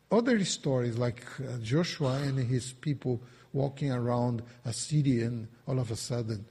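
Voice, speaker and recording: Slow, mellow-voiced man preaching in a hall. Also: mid-range voice, vocal fry, slightly rough. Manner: emphatic, repetitive preaching with rising bursts. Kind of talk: sermon. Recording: reverberant hall.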